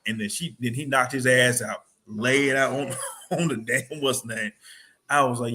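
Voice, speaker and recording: A man co-hosting a sports podcast, chatting casually in an animated, rambling way full of slang. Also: medium pitch, normal speed. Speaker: podcast co-host.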